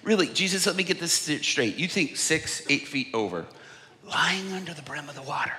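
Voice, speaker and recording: A man voicing a tired, sarcastic fisherman who talks in a deadpan way. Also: fairly high pitch, normal speed, in a large hall, voice pushed down. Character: weary, sarcastic male fisherman.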